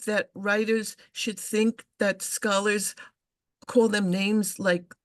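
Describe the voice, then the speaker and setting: A woman's voice: mid-range voice, level tone, slow pace. An older female English professor recalling her career in an interview over a video call, hesitant and full of restarts. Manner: hesitant, with frequent restarts and fillers. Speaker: English professor and science fiction scholar. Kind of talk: interview, conversational recollection.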